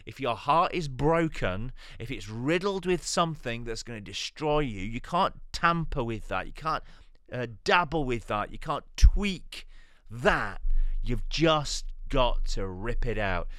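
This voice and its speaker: A man's voice: medium pitch, animated, unhurried, pushed and bright, dry recording, studio quality. A man preaching a podcast sermon, emphatic and repeating his key phrases.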